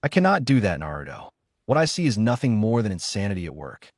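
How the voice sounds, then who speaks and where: A man voicing a stern, weary old male village leader with a deadpan manner. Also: on the low side, quick pace, dry recording, studio quality.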